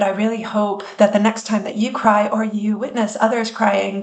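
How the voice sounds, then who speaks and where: A woman hosting a wellness podcast, speaking in an earnest, reflective way with measured pauses. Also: mid-range voice. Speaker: podcast host and founder. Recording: roomy echo.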